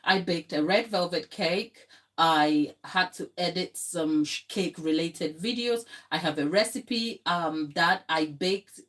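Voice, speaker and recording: A young woman talks slowly and unhurriedly while frosting cupcakes on a livestream. She is chatty and emotional, laughs often and talks straight to her viewers. She sounds a little tired. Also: lowish voice, fairly bright tone. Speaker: baker hosting a livestream. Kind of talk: live baking tutorial chat.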